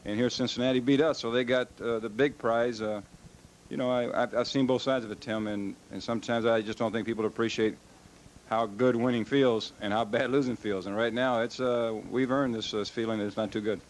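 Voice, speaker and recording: A man's voice: mid-range voice, steady tone, fairly quick, slight background noise, low-quality recording. A man, a losing team's manager, giving a subdued, reflective post-game interview.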